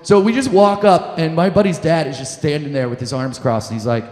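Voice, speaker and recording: A young man telling a profane comic story on stage, animated and breaking into shouted quotes. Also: on the high side, brisk, few pauses. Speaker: comedian. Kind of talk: live stand-up storytelling. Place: lounge stage with live audience. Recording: echoey room with long reverb.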